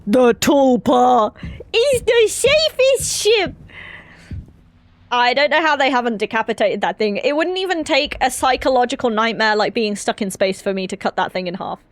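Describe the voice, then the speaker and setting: A woman streaming a horror game, commenting excitedly, swearing casually and reading the game's dialogue aloud in character. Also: on the high side, dry recording. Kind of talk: let's play commentary.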